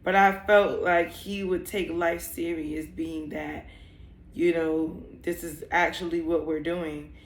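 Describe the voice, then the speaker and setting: A woman's voice: fairly low pitch, level tone, takes it slowly, roomy sound, a little hiss or hum. A young woman telling a personal story in a vlog, candid and emotional, rambling with many fillers. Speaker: vlogger.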